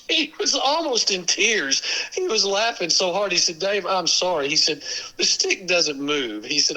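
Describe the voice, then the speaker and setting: Man, podcast guest, animated storyteller, very bright tone, acts out dialogue. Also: rough recording. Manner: animated, acts out quoted dialogue with big pitch jumps. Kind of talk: storytelling in an interview.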